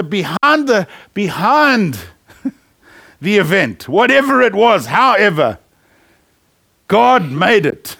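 A man with a fairly high voice preaches to his congregation in an easy, conversational way. He tells stories as he goes, laughs often and restarts his sentences. The sound is close and dry, with little room around it. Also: a bit bright, no echo. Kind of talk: sermon.

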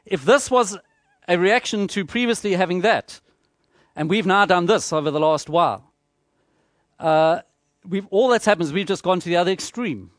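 A man preaching a sermon, measured and emphatic, repeating phrases for rhetorical effect. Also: high voice, dry recording, studio quality.

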